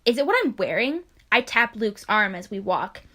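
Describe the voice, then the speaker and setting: A woman's voice: medium pitch, animated, moderate pace, sharp tone. Giggly young woman reading fan fiction. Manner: giggly, breaks into laughter while reading. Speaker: podcast co-host.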